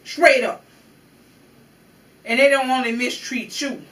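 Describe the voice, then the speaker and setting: A woman's voice: high voice, slow pace, fairly bright tone, far from the mic. A woman vlogger giving an emotional, profane, confrontational commentary on a news story, drawing on her own life. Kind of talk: emotional personal commentary rant. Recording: roomy echo, voice off-mic.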